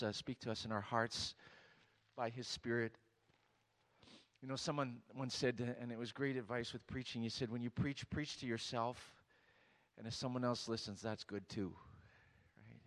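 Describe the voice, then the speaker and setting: A man from Romania preaching a sermon to a church, telling a humorous story and leading the congregation in prayer. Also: mid-range voice. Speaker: guest preacher.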